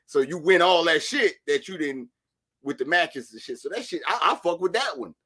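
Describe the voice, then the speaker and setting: Animated, profane man, bright voice. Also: on the high side, moderate pace. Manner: animated, profane, jumps to shouting in bursts. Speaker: podcast co-host. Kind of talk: casual chat.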